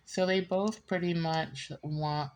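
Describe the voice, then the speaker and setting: A woman's voice: fairly low pitch, fairly even intonation, takes it slowly, a little hiss or hum. A woman giving a casual, rambling reading, often laughing and drifting into side stories. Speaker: tarot reader. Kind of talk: casual chatty reading monologue.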